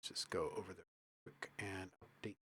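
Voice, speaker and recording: Speaking at a normal speed in a deep, slightly rough voice, a man hosts a live music-production stream with no room sound in the recording. He chats casually and with enthusiasm as he works, voicing his thoughts and reading out comments from chat.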